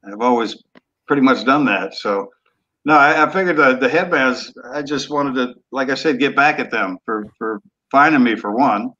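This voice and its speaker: An older man in his sixties talks in an easygoing, blunt way, dropping curse words as he tells his stories. His voice sits at an ordinary pitch for a man. The audio comes through dull and lo-fi. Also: moderate pace, bright, forceful tone. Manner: laid-back, blunt, cusses freely. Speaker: guest, former football quarterback. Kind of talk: casual storytelling interview.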